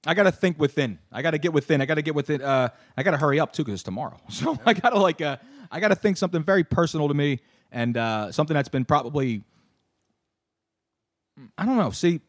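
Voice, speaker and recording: Loud-mouthed radio host guy, cursing, bouncy up and down delivery. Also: a little high, expressive, fast. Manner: brash and profane. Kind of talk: casual radio banter.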